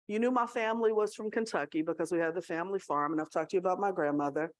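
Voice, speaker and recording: Speaking very fast in a lowish voice, a Tennessee woman with a Southern accent tells a story and checks in with listeners at a staff awards event. She leads student affairs at a college, and the recording has no room sound.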